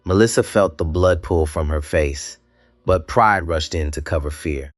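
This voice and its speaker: A man narrating a dramatic scripted story, measured and slow, with deliberate pauses. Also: low voice, dry recording, studio quality.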